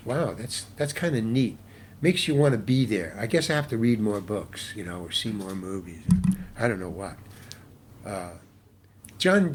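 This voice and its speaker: An older male guest actor with a mid-range voice tells a long anecdote during an interview, with slight background noise. He rambles, restarting and repeating words as the story goes on.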